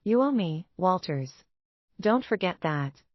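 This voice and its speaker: Woman doing male lawyer, smooth, calm, businesslike, dull dry audio. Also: fairly low pitch, slow, dry recording, full character voice.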